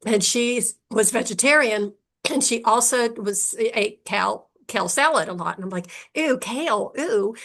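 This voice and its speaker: A woman's voice: fairly high pitch, normal speed, vocal fry, a bit bright. A woman hosting a podcast interview, chatty and anecdotal, with many "you know" fillers. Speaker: podcast host.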